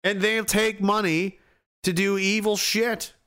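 Reading chat on a livestream, a man from Atlantic Canada delivers an angry, swear-filled rant in a level tone and unhurried manner, moving from near shouts to low mutters.

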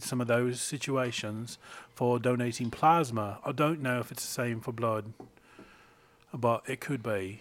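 A man's voice: medium pitch, measured pace. Male podcast co-host, chatty, reads the sponsor spots. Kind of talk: casual podcast chat.

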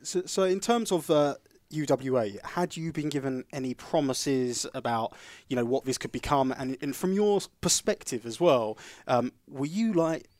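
A man's voice: medium pitch, normal speed, hardly any pauses, a little mellow, dry recording. A man hosting a podcast, asking curious, jokey questions. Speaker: podcast host. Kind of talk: interview questions.

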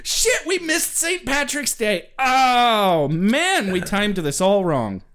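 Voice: medium pitch, sing-song, slow, a bit bright. A podcast co-host recapping a TV episode in casual chat, joking, swearing freely and laughing often.

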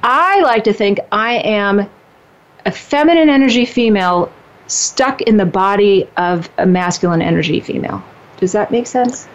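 A woman in her fifties talking casually about dating and relationships, animated and emphatic, often restarting her sentences. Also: mid-range voice, moderate pace. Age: 50s. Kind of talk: casual conversation. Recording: dull lo-fi sound.

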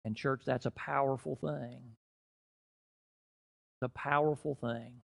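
A middle-aged man preaching a sermon in a church, rising and dropping in loudness and slowing down to stress key phrases. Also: mid-range voice, steady tone, creaky. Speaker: guest preacher.

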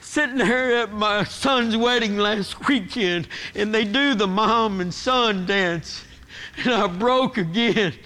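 A middle-aged man preaching in a church sanctuary, his voice sitting high for a man. He talks slowly and deliberately, earnest and emotional, pushing harder when moved. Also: bright, forceful tone. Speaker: guest preacher. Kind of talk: sermon.

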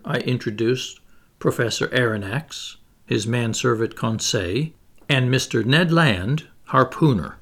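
A man narrates an audiobook in measured, expressive tones. His voice has a gravelly edge and swings through a wide pitch range.

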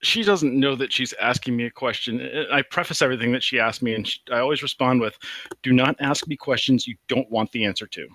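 This is a man in his forties calling in to a show, with a bright, forceful voice. He tells his story in a chatty, amused way and laughs at his own punchlines. The sound is dry and close. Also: medium pitch, fast talker, no echo. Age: 40s. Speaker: caller. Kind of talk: casual call-in chat. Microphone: call over voice chat.

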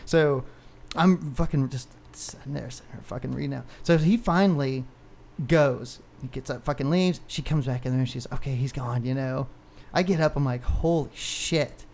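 A man's voice: medium pitch, moderate pace, vocal fry, darkish tone. A man in his thirties, a podcast co-host, telling a long personal story in casual, profane, rambling talk with frequent laughs.

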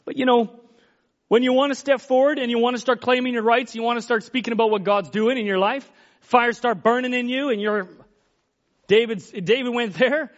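A man's voice: extremely high pitch, fairly even intonation, fairly quick. A man preaching a sermon in a folksy, emphatic way, acting out Bible quotes as he goes. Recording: dull lo-fi recording.

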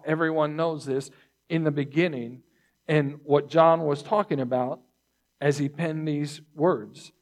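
Pastor, male, measured sermon delivery; unhurried pace, voice on the higher side. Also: darkish tone. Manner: slow, deliberate teaching with repeated phrases; throat clearing between points.

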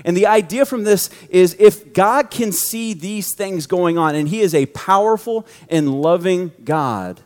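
A man's voice: high-pitched, unhurried, hardly any pauses. A man preaching a sermon to a youth group, conversational and joking as he tells a story. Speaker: youth pastor. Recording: long hall reverb.

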